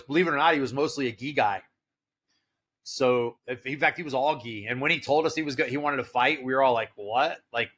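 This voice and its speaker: A man's voice: medium pitch, pushed and bright. A middle-aged man telling a long story as a podcast guest, rambling with plenty of fillers and quoting what other people said. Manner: rambling, filler-heavy storytelling with quoted dialogue. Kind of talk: casual storytelling.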